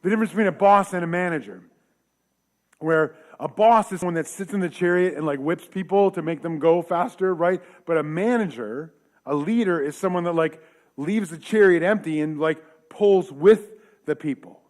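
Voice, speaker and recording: Chatty pastor, fairly high voice. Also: male voice, moderate pace, a little mellow. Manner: conversational, joking asides, rhetorical questions. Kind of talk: casual sermon. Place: church.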